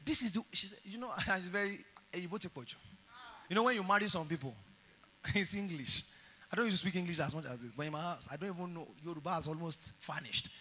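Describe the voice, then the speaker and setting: A man's voice: sits high, fast talker, long reverb tail. A middle-aged Nigerian man preaching a sermon, telling stories animatedly and acting out the dialogue. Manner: animated storytelling, acts out dialogue.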